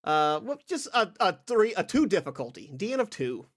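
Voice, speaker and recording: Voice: mid-range voice, very animated, normal speed. A game master narrating a tabletop game, rambling and full of filler words.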